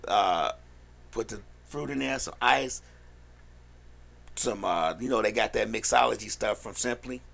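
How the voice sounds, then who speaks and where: A man co-hosting a casual podcast chat, blunt, loud and profane, laughing often. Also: lowish voice, measured pace, pauses often. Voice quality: gravelly. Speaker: podcast co-host.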